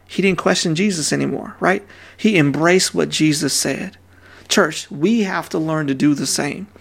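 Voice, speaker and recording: A man's voice: a little high, vocal fry. A man in his thirties preaching a sermon in a casual, conversational way, dropping slang asides to the congregation. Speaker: pastor.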